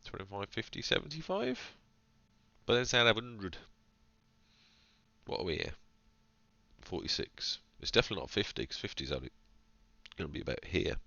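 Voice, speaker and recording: A man's voice: fairly low pitch, huge pitch swings, moderate pace, vocal fry, pauses often, bright, forceful tone, no room sound, dull audio. A man hosting a gaming channel, reading game text aloud in a narrated let's-play and breaking off for playful, chatty, jokey asides.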